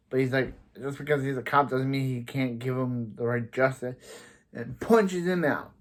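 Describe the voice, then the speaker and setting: A man's voice: mid-range voice, moderate pace. Rambling man recapping a TV episode. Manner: rambling, many restarts and repeated "so". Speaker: TV episode reviewer.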